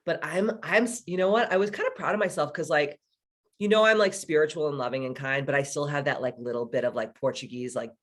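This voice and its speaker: A woman's voice: sits low, fast. A woman hosting a video call workshop, swearing freely and laughing through casual stories. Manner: profane, laughing storyteller. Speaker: workshop host. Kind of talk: casual chat.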